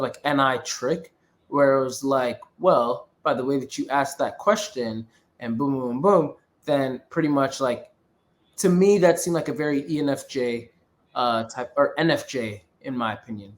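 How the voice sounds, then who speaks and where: A man's voice: medium pitch, moderate pace. A man co-hosting a podcast, casually analyzing a film and rambling with lots of filler words. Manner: rambling, frequent filler words, laughs easily. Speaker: podcast co-host.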